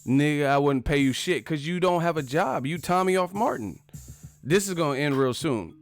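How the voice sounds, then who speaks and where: A man hosting a live chat stream, talking casually and trash-talking commenters with loud bursts and laughs. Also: on the high side, moderate pace, creaky. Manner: brash trash talk, frequent laughing.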